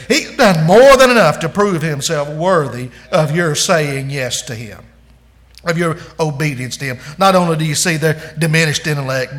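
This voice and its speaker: A male pastor preaching a sermon in an earnest, emphatic way, calling the listeners "friend" and swinging from soft, low passages to loud declarations.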